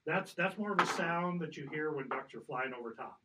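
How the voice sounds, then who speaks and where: A man working as a hunting guide, coaching someone in a relaxed way, patiently correcting him and demonstrating sounds. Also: fairly high pitch, brisk, far from the mic, very noisy. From Colorado. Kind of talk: casual coaching.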